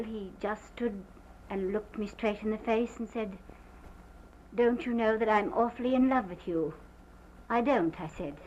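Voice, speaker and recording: An actress playing a distraught planter's wife who gives a halting, theatrical statement in an early sound film. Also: female voice, mid-range voice, a little mellow, close to an everyday voice. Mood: guarded. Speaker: witness giving a statement. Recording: muffled 1929 film sound with faint hiss.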